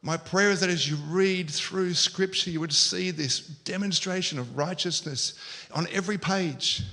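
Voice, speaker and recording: A man preaching a lively storytelling sermon. His voice sits high and bright. He keeps slipping into the voices of the people in his story. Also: measured pace. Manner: storytelling, acts out quoted lines. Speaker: pastor.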